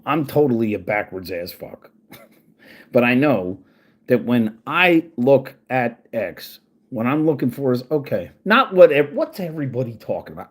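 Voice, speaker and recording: A man's voice: medium pitch, husky. A man hosting his own channel, venting in a profane, angry and sarcastic casual rant while working at his computer. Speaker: channel host.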